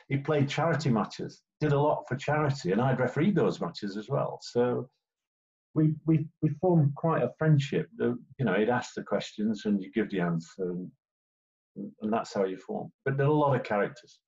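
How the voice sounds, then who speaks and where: A chatty older Englishman, once a football referee, recounts interview anecdotes and acts out players' remarks. The voice is medium in pitch and darkish, heard through dull lo-fi sound.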